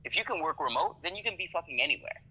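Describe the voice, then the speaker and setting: A man's voice: a little high, animated, racing, sharp tone, breathy edge, poor audio. A man from Canada, a podcast guest talking casually, swearing freely and often checking "you know what I mean". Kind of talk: casual conversation.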